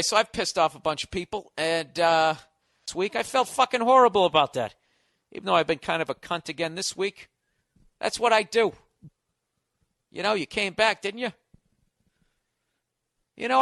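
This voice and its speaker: A man's voice: sits high, sharp tone, no room sound, clean studio sound. An American man hosting a podcast in a sarcastic, profane comedic rant, mocking and swearing freely. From United States. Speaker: podcast host. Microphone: studio podcast mic.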